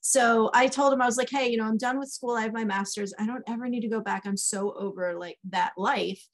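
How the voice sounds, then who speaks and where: Woman telling lively stories. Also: a little high, a little fast. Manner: animated, acts out quoted dialogue. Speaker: author guest. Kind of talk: casual storytelling chat.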